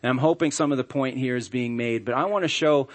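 A man's voice: medium pitch, fast talker. A middle-aged man, a pastor, preaching a sermon in a church in a conversational, humorous storytelling way. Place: church sanctuary.

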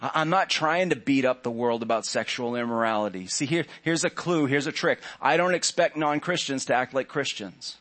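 A man's voice: medium pitch, normal speed, few pauses, a bit bright. A man preaching to a church congregation in a conversational way, with joking asides to the listeners. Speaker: pastor. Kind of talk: sermon. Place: church sanctuary.

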